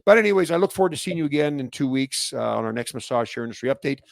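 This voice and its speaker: A man from Canada with a Canadian accent, hosting a casual solo industry update, rambling with restarts and growing animated when fired up. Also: mid-range voice, very fast, creaky, no echo, studio quality. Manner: rambling, many restarts and fillers. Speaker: host.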